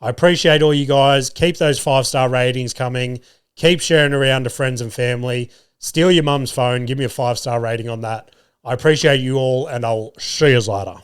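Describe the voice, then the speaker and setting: A man's voice: mid-range voice, normal speed, clean tone. A young Australian man hosting his own podcast, chatting casually and swearing freely. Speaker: podcast host. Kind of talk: casual solo podcast chat.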